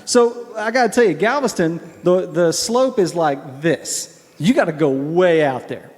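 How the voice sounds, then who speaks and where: Earnest singer in a reverberant hall. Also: male voice, on the high side, unhurried. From Texas. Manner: earnest, animated storyteller who gets choked up. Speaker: guest singer answering questions. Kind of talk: candid Q&A conversation. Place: large synagogue hall.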